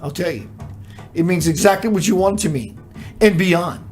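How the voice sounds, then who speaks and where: A spiritual teacher hosting a live stream, speaking slowly and musingly with many rhetorical questions, and reading out viewers' chat comments. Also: mid-range voice, a little mellow, faint music behind.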